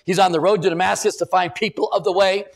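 In a church, a middle-aged male pastor preaches animatedly, frequently repeating words and putting questions to the congregation. His voice sits high and he talks fast.

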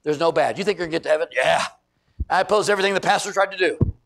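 A middle-aged male pastor preaching a sermon, telling stories with loud emphasis and quiet asides. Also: fairly high pitch, racing, creaky. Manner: animated storytelling, shifts between loud emphasis and quiet asides.

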